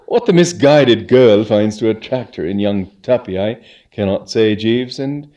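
A man reading a comic story aloud, playing a chatty, flustered young gentleman who halts with fillers. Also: fairly low pitch, distant mic, dull audio. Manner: lively, halting with fillers.

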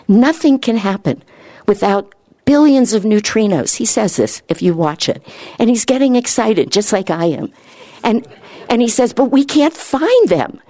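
A woman giving an informal spiritual talk, earnest and rambling, her voice lifting higher when she gets excited. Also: no echo. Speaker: spiritual speaker.

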